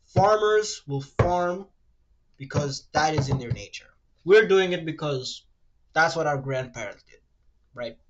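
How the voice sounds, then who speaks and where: A man streaming casually while he draws, rambling and ranting, swearing freely and reading web answers aloud in a quick mumble. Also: lively intonation, muffled recording, background noise. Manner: rambling, ranty, swears freely, fillers like "low-key" and "like"; reads web search results aloud in a rushed mumble. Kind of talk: casual livestream chat while drawing.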